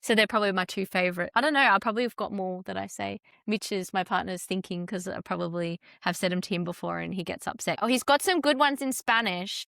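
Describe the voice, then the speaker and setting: A woman's voice: medium pitch, fast, creaky, few pauses, fairly bright tone, no echo, clean studio sound. A young adult Australian woman, a content strategist chatting as a podcast guest, with a chatty, flowing manner full of "like" fillers. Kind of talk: casual interview chat.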